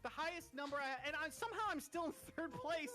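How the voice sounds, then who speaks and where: A woman's voice: high voice, fast, music in the background. A young woman playing games with friends, teasing, sarcastic and dramatic. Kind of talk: casual gaming chat.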